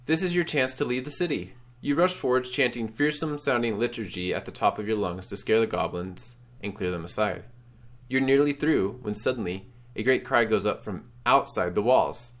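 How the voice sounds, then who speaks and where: A man's voice: medium pitch, normal speed. A man reading a text adventure game aloud with drama, calling out his choices. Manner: dramatic, shouts choices out loud. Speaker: game streamer.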